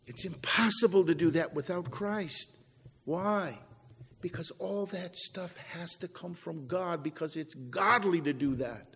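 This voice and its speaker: Male pastor, sermon delivery, high-pitched, emphatic then hushed, church hall echo. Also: measured pace, vocal fry, slightly rough. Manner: preachy, rising to emphatic then dropping low. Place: church sanctuary.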